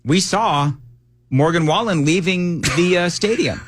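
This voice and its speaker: A man's voice: high-pitched, a little slow, slight background noise. A man in his fifties, a radio host, telling stories in casual morning banter and laughing often. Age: 50s. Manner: jokey, laughs often, animated storyteller.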